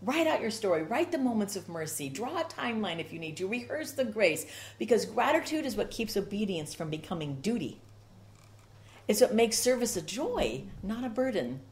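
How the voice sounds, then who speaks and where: A woman's voice: medium pitch, big pitch swings, normal speed, a little mellow. A woman preaching a sermon with rhythmic repetition and strong emphasis.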